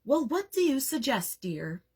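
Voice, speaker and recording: A woman reading as a calm, dryly funny mother. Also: high voice, unhurried, slightly rough, pitched above the performer's own voice, heavily acted.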